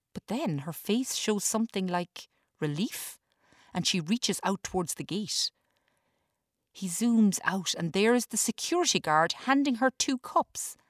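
Low, even woman reading a story. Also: no echo, clean studio sound. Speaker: author reading her story. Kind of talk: scripted storytelling narration.

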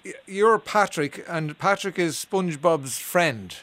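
Radio host guy, bit high voice, jokey, laughs a lot, stumbles over words. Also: animated, unhurried, a bit bright. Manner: jokey, laughs often, stammers. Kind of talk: casual radio interview.

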